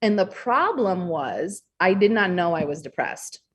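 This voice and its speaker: A young adult woman talking candidly as a podcast guest, expressive and blunt, swearing freely. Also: on the low side, a little slow, slightly rough. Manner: frank, expressive, swears freely, acts out quoted thoughts. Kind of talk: candid interview conversation.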